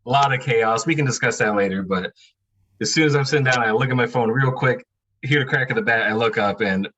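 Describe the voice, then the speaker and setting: A man guest on a sports podcast, talking in a relaxed, wry way with lots of fillers. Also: medium pitch, a little fast, husky, poor audio. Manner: laid-back, wry, rambling with many fillers. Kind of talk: casual podcast chat.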